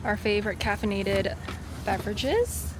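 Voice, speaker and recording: A woman's voice: mid-range voice, expressive, measured pace. A woman chatting casually with her partner, dry and curious. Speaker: host's partner. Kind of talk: casual chat. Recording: very noisy outdoor car recording.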